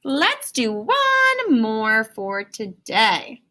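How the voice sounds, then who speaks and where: A woman's voice: fairly high pitch, huge pitch swings, extremely slow, pushed and bright. A woman teaching a phonics lesson to children in a singsong, encouraging way. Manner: singsong, encouraging, talks to young learners.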